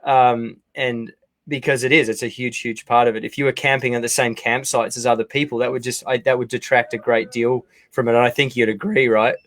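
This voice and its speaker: Host, male, animated storyteller, dry studio sound. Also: mid-range voice, a little fast, no echo. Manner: animated anecdote-telling. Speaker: podcast host. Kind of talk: casual interview chat.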